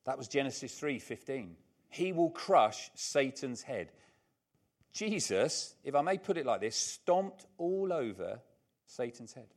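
A man's voice: medium pitch, very animated, measured pace. An older man preaching a sermon, emphatic and repeating his key lines, with chatty, humorous asides.

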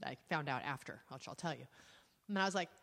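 Woman podcast co-host, lively storyteller who acts out voices, slight hall reverb. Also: low voice, fast, vocal fry. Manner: animated, laughing, acts out voices and sounds. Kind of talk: casual storytelling chat.

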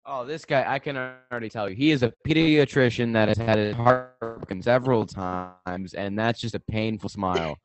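A man's voice: mid-range voice, moderate pace, hardly any pauses, faint music behind. A young man co-hosting a casual podcast, riffing in a mocking, jokey way. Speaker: podcast co-host. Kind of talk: casual chat.

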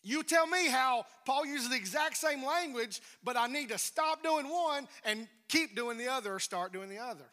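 High bright-voiced man preaching. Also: animated, normal speed, hardly any pauses. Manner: emphatic preaching, swinging between loud declarations and hushed near-whispers. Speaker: pastor. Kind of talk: sermon. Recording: reverberant hall.

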